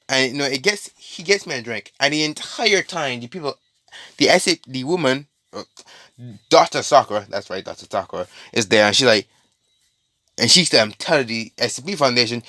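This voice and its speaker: A man improvises a story in a loose, rambling way, restarting and adding asides as he goes. His voice sits at an ordinary middle pitch, and the recording is dry and close. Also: expressive, moderate pace, pushed and bright, dry recording.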